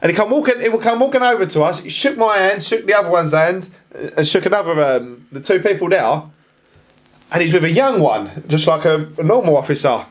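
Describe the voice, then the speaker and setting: A man telling a story on a podcast in casual chat, acting out the voices of the people he quotes. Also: fairly quick. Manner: animated, acts out quoted voices with big pitch jumps. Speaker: podcast guest.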